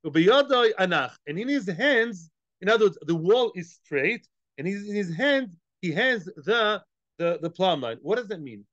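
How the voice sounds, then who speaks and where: A man's voice: high-pitched, lively intonation, normal speed, fairly bright tone, no echo. A man teaching a daily Talmud class, explaining Aramaic phrases in English with Hebrew and Yiddish terms mixed in, asking and answering his own questions. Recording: dull, lo-fi and dry.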